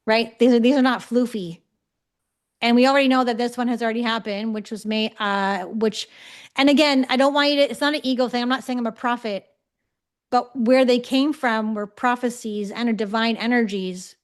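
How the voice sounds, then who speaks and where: A woman with a slightly high voice teaches a live class over a video call. She talks in a loose, chatty way and keeps pausing to ask her listeners whether they follow. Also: steady tone. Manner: conversational, checks in often with 'okay?'. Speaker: psychic development teacher.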